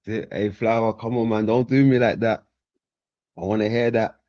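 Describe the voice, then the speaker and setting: A man co-hosting a livestream in a relaxed, teasing way, often chuckling. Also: fairly low pitch, moderate pace, no room sound. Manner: laid-back, teasing, laughs often. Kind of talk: casual livestream chat. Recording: dull, dry remote audio.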